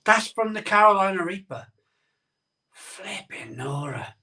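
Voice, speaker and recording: A man with a bright, fairly high voice chats through his live stream, rambling and tripping over his words as his mouth burns from a hot pepper. He sounds a little off-mic, as if sitting back from it. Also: big pitch swings, unhurried, distant mic. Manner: rambling, self-interrupting, chatty. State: mouth burning from chili. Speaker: host of a live beer-tasting stream. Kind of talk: casual live-stream chat. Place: home room, streaming live.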